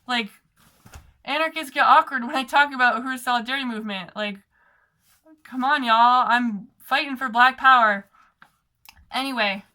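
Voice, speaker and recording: A woman's voice: on the high side, bright, forceful tone. A young woman organizer giving an impassioned talk, sarcastic and heated, full of "like" and "okay".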